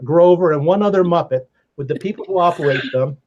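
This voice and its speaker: An older man, a podcast guest, telling stories in a relaxed, animated way, laughing now and then. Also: fairly high pitch, fast, a little hiss or hum. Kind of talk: casual storytelling. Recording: slightly dull lo-fi sound.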